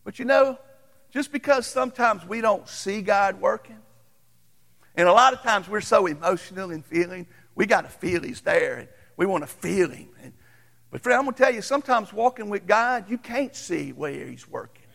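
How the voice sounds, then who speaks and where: Folksy preacher with gravelly voice. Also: male voice, high voice, expressive, a bit bright, long reverb tail. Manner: folksy, conversational, quick to chuckle. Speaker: pastor. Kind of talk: storytelling sermon.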